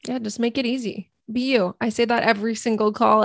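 A woman's voice: on the high side, fairly even intonation, fairly quick, creaky, dry recording, clean studio sound. A woman co-hosting a podcast, chiming in with upbeat, encouraging advice and easy laughs. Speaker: podcast co-host. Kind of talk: casual podcast chat.

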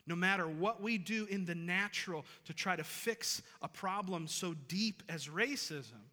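A man's voice: high-pitched, measured pace, sharp tone. A man preaching a sermon in a reverberant hall. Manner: conversational preaching, rising to emphatic repeated phrases. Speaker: pastor. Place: church sanctuary. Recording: long reverb of a large hall.

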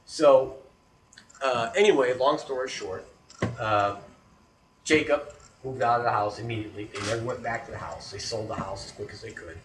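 Animated male storyteller in an echoey room. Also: mid-range voice, moderate pace. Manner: animated, acts out scenes with sound effects, checks in with "right?". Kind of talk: casual spoken storytelling. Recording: roomy echo, distant mic, faint background noise.

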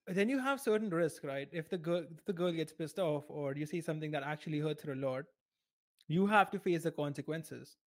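A man co-hosting a podcast in casual chat, blunt and laughing at his own stories. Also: fairly high pitch. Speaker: podcast co-host.

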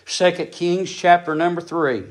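A man preaching a sermon. His voice sits high and climbs as he presses the same lines over and over. He is emphatic and insistent throughout. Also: unhurried. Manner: emphatic, repetitive preaching with rising intensity.

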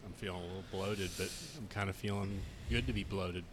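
Very deep-voiced laid-back man. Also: fairly quick, slight background noise. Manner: relaxed, laid-back, talks while eating. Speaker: podcast co-host and cook. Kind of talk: casual chat.

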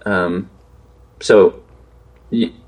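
A man's voice: deep voice, fairly even intonation, drawn-out words, darkish tone. A man from West Texas, a pastor, telling stories in casual podcast chat with dry, self-deprecating humor.

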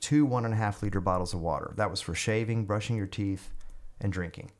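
A man with a fairly low voice spins a long story in a casual podcast interview. He rambles, restarts and leans on fillers, his delivery animated and loose. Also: fairly quick. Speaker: guest musician and army veteran.

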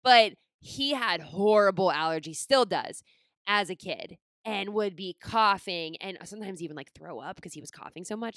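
A chatty woman rambling through a personal story, her voice smooth and clean. The sound is close and dry, with no room behind it. She fills her talk with "like" and drops in self-deprecating asides. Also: mid-range voice, moderate pace, a bit bright, dry recording. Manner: chatty, rambling, heavy use of "like".

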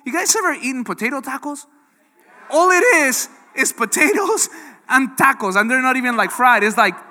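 A man preaching with a high, very bright and forceful voice. He talks in a lively, conversational way and keeps turning to the crowd with questions. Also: in a large hall. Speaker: pastor. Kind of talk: sermon.

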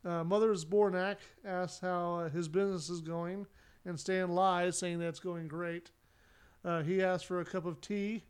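A man's voice: high-pitched, level tone, measured pace, clean tone. A man casually recapping a sitcom episode for a podcast, narrating the plot with lots of "uh" fillers.

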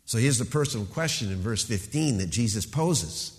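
A man's voice: mid-range voice, lively intonation, moderate pace. Male pastor, emphatic preacher leaning on key words, recorded in a church hall with a long echo. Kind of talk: sermon.

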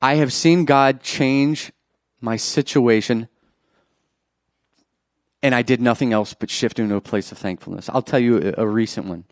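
A man preaching a sermon, animated and joking with the congregation, swinging from loud bursts to quiet asides. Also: medium pitch, moderate pace, pauses often, no echo, clean studio sound. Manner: jokes with the congregation.

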